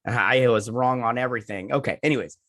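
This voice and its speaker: A man's voice: mid-range voice, brisk, a bit bright. A man hosting a casual TV episode review, rambling and chatty with lots of fillers and restarts, talking through a sore throat. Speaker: YouTube TV review host.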